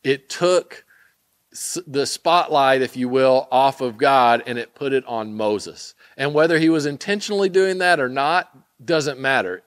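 A man's voice: medium pitch, a little slow, no echo. A man giving a conversational sermon, retelling a scripture story with asides and many fillers. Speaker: preacher.

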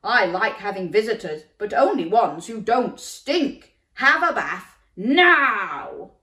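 Woman doing a booming storybook giant. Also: sing-song, slow, heavily acted. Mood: grumbling. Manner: loud, bellowing chant. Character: booming stinky-hating male giant. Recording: roomy, slightly distant mic.

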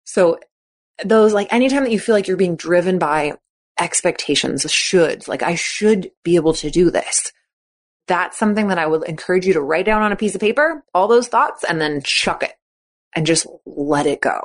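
A woman's voice: lowish voice, expressive, normal speed. A woman podcast host coaching athletes in a chatty, encouraging way, often acting out the thoughts she quotes. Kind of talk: casual coaching talk.

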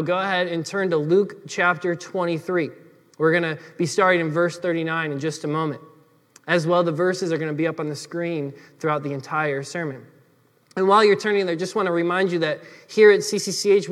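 A male pastor delivers a sermon, earnest and explanatory as he speaks straight to the congregation. His voice sits high for a man. It rings out with a long hall reverb. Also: fairly bright tone.

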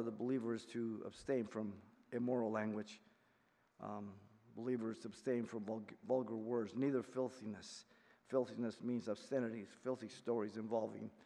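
A pastor in his sixties leads a verse-by-verse Bible study in a fairly low voice, emphatic and swinging between quiet explanation and loud rebuke. The recording carries the long reverb of a hall.

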